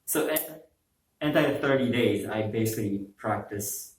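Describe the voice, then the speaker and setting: A young man hosting, talking modestly in casual chat with slightly halting phrasing. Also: lowish voice. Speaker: host, pianist. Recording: echoey room, distant mic.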